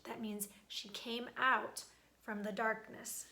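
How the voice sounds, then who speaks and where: A young woman reads a picture book aloud to children in a high, bright voice. She takes her time and talks warmly and directly to her young listeners. She sounds animated, like a storyteller sharing the book with them. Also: unhurried. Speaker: children's librarian reading aloud.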